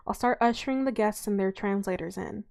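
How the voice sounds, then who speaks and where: A woman voicing a quiet, helpful male aide in a storybook reading, giving hushed, brisk instructions. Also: medium pitch, vocal fry, natural voice.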